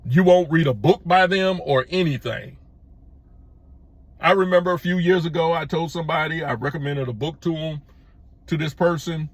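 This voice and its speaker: Emphatic husky-voiced man ranting to camera. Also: a little high, normal speed, dry recording. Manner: emphatic, repetitive, restarts with stammered false starts. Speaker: YouTube channel host. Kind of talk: opinion monologue to camera.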